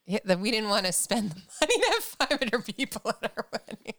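A female co-host in a casual podcast chat who teases her friends and keeps things moving. Her pitch swings in a lively way. She laughs easily between remarks. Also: a little fast, dry recording, clean studio sound.

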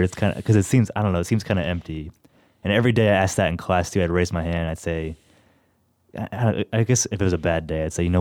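A man's voice: sits low, fast, darkish tone, no echo, studio quality. A young man from Tennessee, hosting a radio show in casual, rambling chat and laughing easily. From Tennessee, USA.

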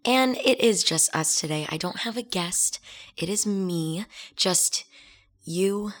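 Woman, 20s, raspy, low-pitched, casual solo podcast host, chatty and self-mocking. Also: slow pace. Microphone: headphones and studio mic.

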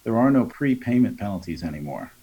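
A man's voice: fairly low pitch, very animated, fairly quick, breathy edge, phone-quality sound. A man training contractors on sales in an interview, speaking in a coaching tone, acting out customer dialogues and often adding "right?". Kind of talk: conversational podcast interview.

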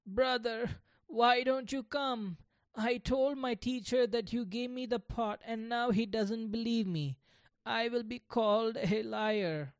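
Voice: big pitch swings, normal speed, dry recording, close to an everyday voice. A storyteller voicing an innocent, earnest young boy in a children's storybook. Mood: pleading. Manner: pleading, high and earnest.

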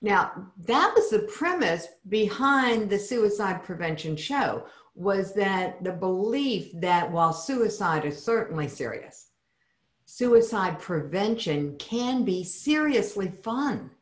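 A woman hosting a podcast interview in a playful, animated conversational way. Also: mid-range voice, takes it slowly. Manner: playful and animated, with frequent laughs. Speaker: podcast host. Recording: roomy echo.

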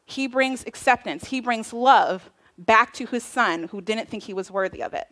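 A woman preacher giving a casual, animated sermon, retelling a parable with slang. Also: on the high side, normal speed. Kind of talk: conversational sermon.

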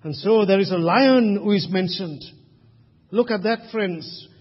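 Guy preaching in a big hall, husky voice, long echo, kinda muffled lo-fi sound. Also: sits high, measured pace. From Sri Lanka. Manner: emphatic preaching with rhetorical questions. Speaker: pastor. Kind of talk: sermon.

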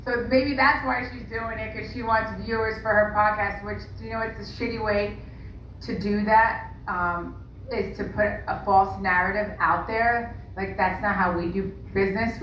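A woman's voice: mid-range voice, level tone, moderate pace, fairly bright tone. A woman co-hosting a podcast, ranting bluntly and swearing in casual chat. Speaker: podcast co-host. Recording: roomy, distant mic, faint noise.

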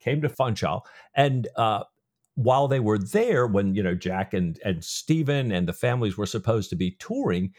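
A man's voice: on the low side, expressive, moderate pace, darkish tone. A man co-hosting a podcast, casually retelling and discussing a novel's plot with lots of filler words. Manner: retells scenes loosely with many "you know" fillers. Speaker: podcast co-host.

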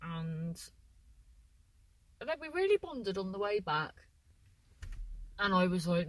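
A woman's voice: medium pitch, expressive, a little slow, pauses often, a bit bright, no echo. Rambling, sweary woman comedian. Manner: chatty, sweary, easily sidetracked. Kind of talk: rambling casual monologue.

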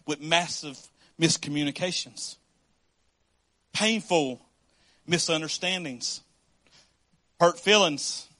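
High-voiced bright pastor preaching. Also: male voice. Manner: storytelling with laughs and acted quotes. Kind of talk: sermon.

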